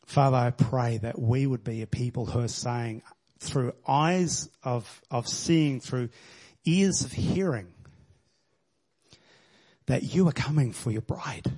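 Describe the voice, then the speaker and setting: A man's voice: mid-range voice, takes it slowly, warm tone, slightly rough. Earnest male preacher. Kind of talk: sermon.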